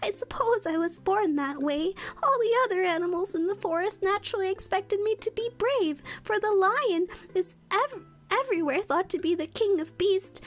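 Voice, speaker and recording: A woman voicing a timid, tearful male cowardly lion in a whispered role-play reading, sad and self-pitying. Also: very high-pitched.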